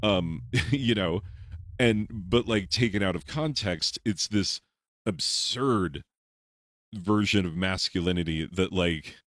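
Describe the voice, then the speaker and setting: A man who teaches high school English, rambling in casual commentary while playing a game, full of fillers and laughs. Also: slow pace, a bit bright, no echo. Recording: game gunfire and explosions behind the voice.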